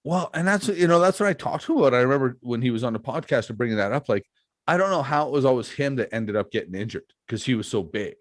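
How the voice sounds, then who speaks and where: A man's voice: mid-range voice, lively intonation, fast, no room sound. Guy hosting a podcast, easygoing, lots of ums, dry close mic. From Canada. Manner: laid-back storytelling with frequent fillers. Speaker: podcast host. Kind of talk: casual chat.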